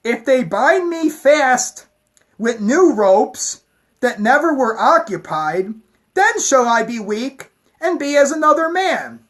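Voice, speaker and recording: Woman reading biblical strongman, slow, archaic, boastful. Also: sits high, very animated, heavily acted. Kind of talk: scripture reading.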